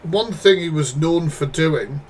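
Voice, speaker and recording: A man's voice: a little high, measured pace. Blunt, sweary British man streaming live. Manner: blunt, sweary, exasperated asides to chat. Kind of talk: casual live commentary.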